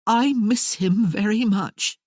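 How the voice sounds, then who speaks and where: A woman's voice: mid-range voice, animated, measured pace, dry recording, clean studio sound, voice pushed up. A woman voicing a poised, flippant young widow who speaks in a light, airy, dismissive way. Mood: fond.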